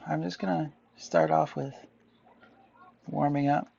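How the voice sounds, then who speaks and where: A man's voice: on the high side, steady tone, unhurried, vocal fry, long pauses, darkish tone, lo-fi sound. A man chatting casually as an artist vlogger while he draws, meandering and correcting himself with jokey asides. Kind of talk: casual rambling chat while drawing.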